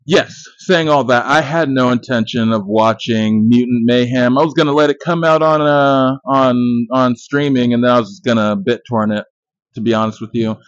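A man's voice: medium pitch, steady tone, moderate pace, no echo. Profane, boastful male podcast host. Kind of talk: casual movie review monologue. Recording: dull lo-fi dry recording.

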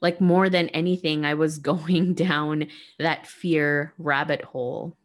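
A woman hosting a reflective spiritual monologue, speaking gently and earnestly to her listeners. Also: deep voice, steady tone, takes it slowly. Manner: gentle, soft-spoken, earnest.

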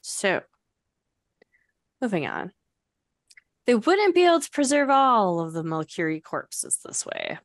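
Woman podcast co-host, casual book recap, unhurried delivery, dry close sound, laughing asides. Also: mid-range voice, very animated, dry recording. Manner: reads passages aloud with laughing asides.

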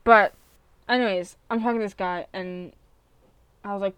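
A young woman hosts a solo podcast, swearing freely as she rambles through a rant. Her pitch sits mid-range, and she swings from loud outbursts to low mutters. The recording is dry and close. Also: fairly even intonation, normal speed, smooth, dry recording. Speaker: podcast host.

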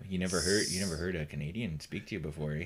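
A man's voice: low voice, fast. A man co-hosting a podcast in casual chat, playful and teasing, laughing often. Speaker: podcast co-host.

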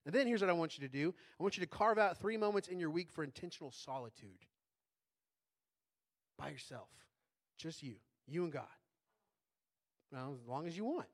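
A man's voice: fairly high pitch, normal speed, pauses often. A man preaching a sermon as a pastor in a conversational way, often checking in with tag questions.

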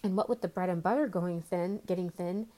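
A woman's voice: lowish voice, a little fast, mellow, lightly acted. A woman reading the part of a nervous, fidgeting male hatter on trial, speaking with a stammer and a trembling voice.

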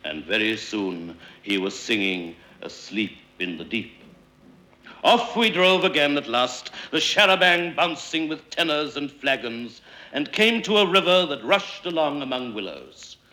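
Slow, sonorous storyteller. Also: male voice, medium pitch, very animated, bright, forceful tone. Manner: rolling, sonorous, deliberate delivery. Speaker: narrator. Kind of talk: dramatic storytelling reading.

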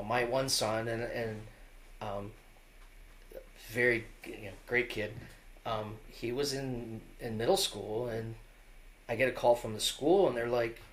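A man's voice: mid-range voice, bright, forceful tone. A middle-aged man, a wrestling coach, telling stories in a candid interview, earnest and loose, often restarting and checking in with "right?".

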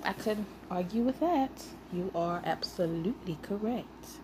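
A woman hosting a casual solo podcast, telling stories in an animated, playfully argumentative way and sounding a little out of breath. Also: medium pitch, unhurried, background noise. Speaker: podcast host.

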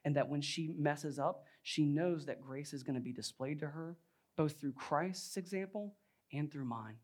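A man's voice: fairly high pitch, moderate pace, a little mellow. A young adult male pastor preaching a sermon in a conversational, storytelling way, often saying "like" and "right?".

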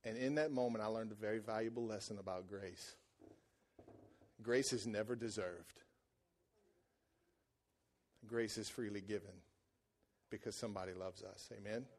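Animated man preaching a sermon. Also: moderate pace, pauses often. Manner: animated storytelling, swinging from loud excited peaks to hushed low passages; colloquial and joking with the congregation. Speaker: pastor.

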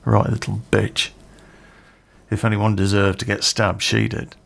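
A man quoting a blunt young woman walking her dog, in his own gravelly voice with only a light change. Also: on the low side, level tone, a little slow, a bit bright, full character voice. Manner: blunt, matter-of-fact gossip.

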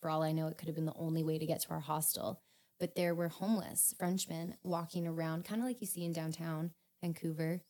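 A young woman, a podcast guest telling a story in a casual, animated way, laughing and swearing often. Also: deep voice, fairly quick.

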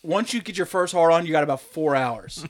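A man's voice: a little high, expressive, fairly quick. A man on a podcast with friends, joking crudely, rambling and laughing often. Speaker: podcast co-host. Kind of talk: crude casual banter.

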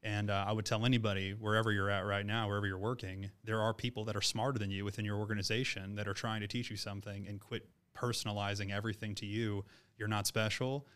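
Blunt, earnest man with a flat, smooth voice. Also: on the low side, fast talker. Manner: earnest, blunt advice-giving. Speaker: business owner, guest. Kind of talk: reflective interview talk.

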